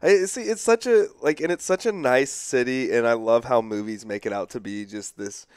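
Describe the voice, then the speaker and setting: A young man hosts a casual podcast in quick, teasing banter and laughs often. His voice is smooth and clear, sitting at an ordinary pitch. The sound is dry and close to the mic. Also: darkish tone, no echo. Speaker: podcast host. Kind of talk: casual chat.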